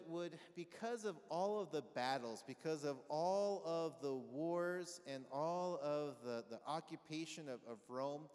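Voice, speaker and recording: Here a man with a fairly high, darkish-toned voice preaches in a back-and-forth style, posing questions that the congregation answers aloud. Long large-hall reverb surrounds the sound.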